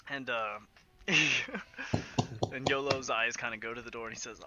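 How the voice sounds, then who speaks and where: A man's voice: medium pitch, measured pace, pauses often, heavy background noise. A man narrating as game master in a casual way, with plenty of fillers. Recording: muffled lo-fi audio.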